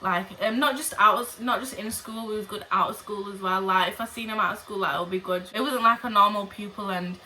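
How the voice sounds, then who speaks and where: A woman's voice: mid-range voice, fairly quick, few pauses, a little hiss or hum, low-quality recording. A young woman telling a story from her school days as a casual storytime vlog, blunt and full of swearing. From England. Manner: animated, profane and blunt. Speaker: vlogger.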